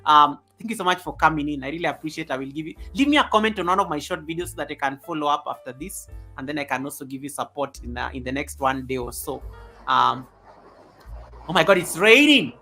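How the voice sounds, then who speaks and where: A man hosts a casual live stream from home and reads his viewers' comments aloud with animated, chatty energy, chuckling often. He talks close to a desk microphone, and a little music plays softly behind him. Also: fairly high pitch, fast talker. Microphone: USB desk microphone.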